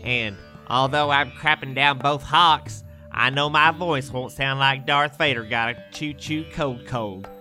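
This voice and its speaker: A man voicing an older woman with a cold giving an ad testimonial, slow and croaky. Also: mid-range voice, pushed and bright, faint music behind.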